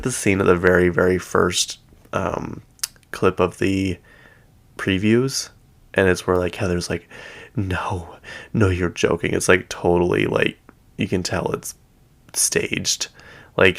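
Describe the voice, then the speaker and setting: Man, very low voice with fry, casual gossip host recapping reality shows, loose and rambling. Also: fairly bright tone. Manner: chatty, rambling, heavy use of "like". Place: at home.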